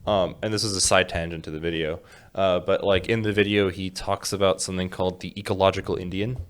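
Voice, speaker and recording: A man chatting casually on a podcast in a somewhat low voice. He rambles, restarts his sentences and breaks into laughter often. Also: level tone, fast talker, clean tone. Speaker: podcast co-host. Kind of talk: casual chat.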